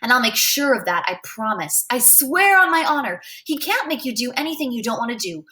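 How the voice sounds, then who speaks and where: A woman's voice: on the high side, sing-song, fairly quick, pushed and bright. A woman voicing a kind woman school principal who speaks in a soothing, earnest way. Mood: reassuring.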